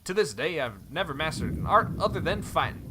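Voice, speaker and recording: A man voicing a rough, friendly male mercenary from a fantasy game, with a put-on cowboy drawl and a folksy, sly way of talking. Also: a little high, very animated, fairly quick, background noise, pitched above the performer's own voice. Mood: reminiscing.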